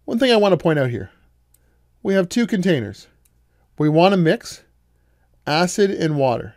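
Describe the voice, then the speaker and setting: A man's voice: high voice, sing-song, moderate pace, a little mellow, no room sound, clean studio sound. A man giving a recorded college math lecture, explaining each step patiently and asking the class questions as he goes.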